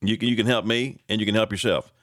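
A man hosting a casual morning radio show, greeting texters, pitching a sponsor and reacting to the news in a rambling, animated way. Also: fast, no echo, studio quality. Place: radio studio. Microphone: studio microphone.

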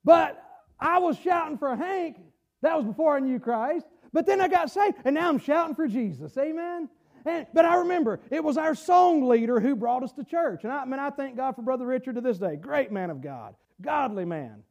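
A man, preaching a fervent sermon with halting restarts and shouted bursts. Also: very high voice, animated. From Southern United States. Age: 40s. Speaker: pastor.

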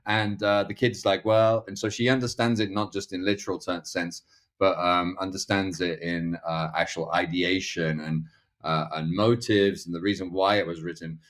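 Low-voiced man, rambling. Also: steady tone, moderate pace, fairly bright tone. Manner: rambling, many restarts and fillers; acts out other people's lines in quoted voices. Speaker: podcast guest. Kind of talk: casual conversational interview.

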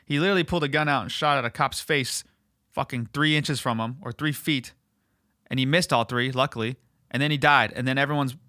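A man's voice: no room sound, clean studio sound. Fired-up man ranting on a podcast. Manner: profane, fired-up, calls listeners dude and dog; jumps to higher, louder pitch when worked up. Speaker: podcast host. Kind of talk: heated casual rant.

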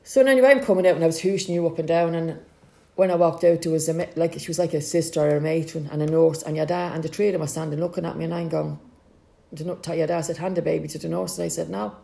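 A woman's voice: sits low, steady tone, fast talker, creaky, dark tone. A middle-aged Irish woman telling a personal family story, acting out the voices of the people in it.

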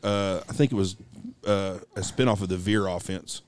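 A man's voice: deep voice, moderate pace. A man hosting a casual chat while watching football, teasing his friends and stating made-up facts with a straight face. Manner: jokey, teasing, states made-up facts deadpan. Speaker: podcast host.

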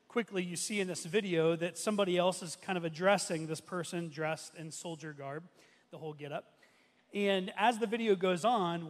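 A man in his thirties preaching as a pastor from a church stage, telling a story in a loose conversational way full of restarts and fillers. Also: sits high. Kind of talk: sermon. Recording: long hall reverb.

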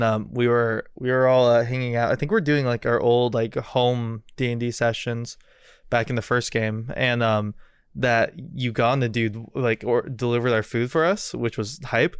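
A man's voice: mid-range voice, smooth, no echo. Male podcast host, casual, rambly, lots of "like" and cursing, dry close mic. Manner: rambling, swears a lot, many fillers. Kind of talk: casual chat.

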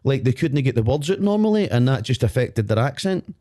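A man's voice: medium pitch, sing-song, fairly quick, warm tone. A Glaswegian man co-hosting a podcast, rambling and swearing playfully in casual chat in a studio. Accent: Glaswegian Scottish. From Scotland. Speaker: podcast co-host.

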